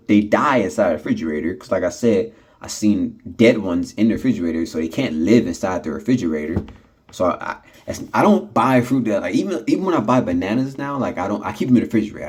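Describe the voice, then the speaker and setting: A man with a very low, husky voice vents into his phone from his apartment. He rambles with lots of fillers, laughs a lot and sounds frustrated. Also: a little mellow. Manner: laughing often, frustrated, many fillers and restarts. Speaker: vlogger. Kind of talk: casual rambling vlog.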